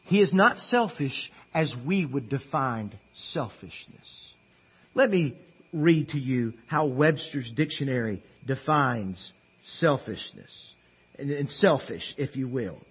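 A man preaching a sermon as pastor, emphatic and swinging between hushed passages and loud declarations. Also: medium pitch, animated, slow, husky, dull audio.

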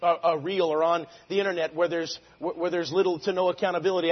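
A man preaching a sermon, moving between conversational asides and loud, drawn-out shouted lines of scripture. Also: a little high, little pitch movement, in a large hall, dull audio.

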